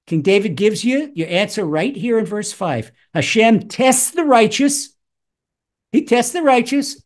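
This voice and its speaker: A man teaching Psalms as a rabbi, animated, acting out voices with wide swings in pitch. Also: a little slow. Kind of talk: Torah lesson.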